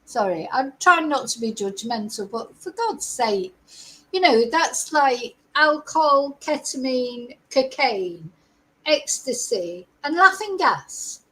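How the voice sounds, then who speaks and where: Chatty woman, high voice. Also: sing-song, slow pace, fairly bright tone, poor audio. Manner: chatty, exasperated, rambling with asides. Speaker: true crime channel host. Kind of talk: casual live-stream commentary.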